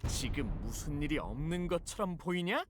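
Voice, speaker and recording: A woman voicing a brash, rude young male game character, in a rough, snappy game voice. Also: low voice, expressive, very fast, background noise. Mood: irritated. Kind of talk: game voice acting.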